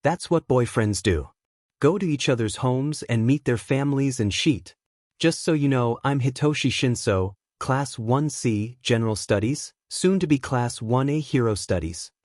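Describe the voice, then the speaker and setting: A man voicing a blunt, sarcastic teenage boy who flatly defends his boyfriend in a deadpan way. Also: mid-range voice, normal speed, dry recording, studio quality, lightly acted. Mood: deadpan anger.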